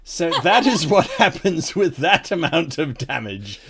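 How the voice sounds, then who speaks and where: Brief: male game master, bright animated narration, playful scene-setting. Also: a little high, measured pace, crowd noise. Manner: vivid, playful description.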